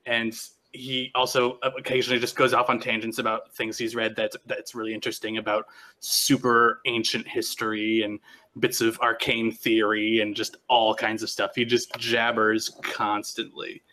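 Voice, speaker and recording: A man's voice: on the low side, flat delivery, normal speed, pushed and bright. A man narrating as game master of a tabletop game, rambling and restarting often.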